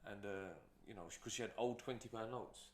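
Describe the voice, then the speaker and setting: A man's voice: fairly low pitch, a little fast, echoey room, a little hiss or hum. A man who is a guest entrepreneur, telling stories in a casual, rambling way with many fillers. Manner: rambling, storytelling, frequent fillers. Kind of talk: casual interview talk.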